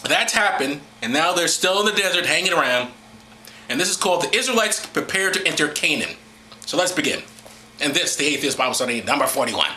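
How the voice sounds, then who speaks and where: A man's voice: on the high side, sing-song, brisk, sharp tone, reverberant, slight background noise. A man hosting a casual, irreverent talk, rambling, laughing and mocking as he goes. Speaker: host.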